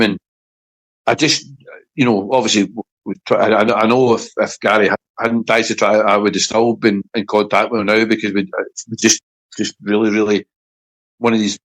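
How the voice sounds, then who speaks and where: A middle-aged Scottish man, a former footballer, telling a story in casual interview chat, halting and repeating words as he gets emotional. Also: lowish voice, fairly bright tone, low-quality recording. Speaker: former footballer, podcast guest.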